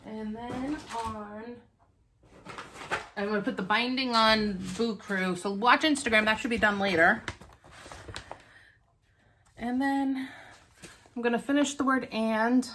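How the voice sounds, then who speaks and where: A woman's voice: a little high, slow, pauses often, pushed and bright, slight background noise. A woman hosting a stitching vlog, chatting casually to viewers, out of breath, rambling with many ums and restarts.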